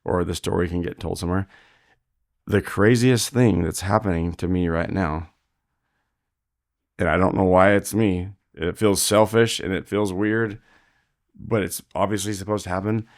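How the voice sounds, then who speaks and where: A man's voice: deep voice, steady tone, normal speed, creaky, pauses often, no echo, studio quality. A man who is a rodeo roper and father, a podcast guest telling blunt, profane stories full of quoted dialogue in a casual interview.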